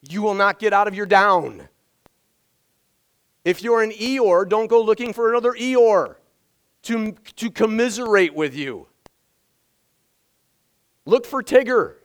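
A man preaching a sermon as pastor, energetic and emphatic, repeating his key phrases, his voice strained from yelling the day before. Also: sits high, slow, long pauses, clear, resonant tone, rough recording.

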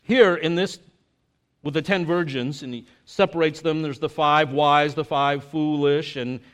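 A man with a fairly high voice gives a casual, talky sermon. He leans on fillers like "you know" and "like." He moves between lively asides and quiet, earnest reflection. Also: measured pace. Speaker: pastor. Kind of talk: conversational sermon.

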